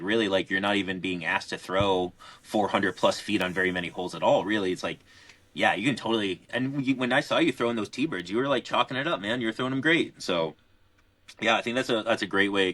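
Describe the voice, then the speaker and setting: His voice sits low with a sharp tone, recorded without echo. He's a young man co-hosting a podcast, chatting casually and telling meandering stories packed with fillers and false starts.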